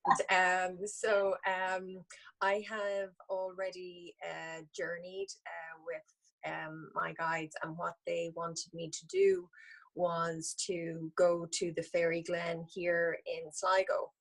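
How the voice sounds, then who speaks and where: A woman with an Irish accent, speaking hesitantly with many pauses and fillers from a tablet on a video call. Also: lowish voice, completely flat delivery, gravelly, poor audio. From Ireland. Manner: hesitant, many ums and uhs. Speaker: class participant. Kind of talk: casual group video call.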